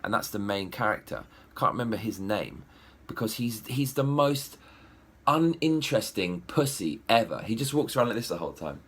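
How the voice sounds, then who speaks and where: A young man giving a profane, animated ranting film review. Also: medium pitch, normal speed. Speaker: movie reviewer.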